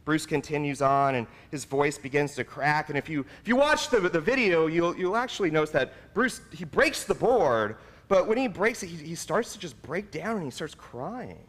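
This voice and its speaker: A man's voice: on the high side, big pitch swings, moderate pace, few pauses, a bit bright. Earnest male pastor in a reverberant church. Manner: earnest, personal and confessional. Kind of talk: sermon. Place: church sanctuary.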